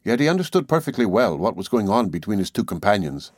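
A man reading a classic novel aloud as audiobook narration, in a measured, even delivery. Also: on the low side, no room sound. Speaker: audiobook reader. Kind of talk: scripted narration.

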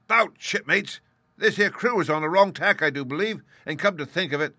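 A man voicing a jittery, superstitious pirate in rough sailor dialect. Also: on the high side, moderate pace, pushed and bright, dry recording, clean studio sound, pitched above the performer's own voice. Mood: relieved.

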